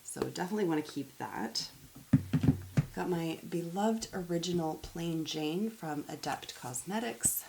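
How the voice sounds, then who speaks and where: A woman's voice: low voice, expressive, measured pace, vocal fry, noisy background. A woman chatting to camera as a beauty vlogger, self-deprecating, tripping over words and laughing at herself. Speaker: beauty YouTuber. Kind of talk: casual chat to camera.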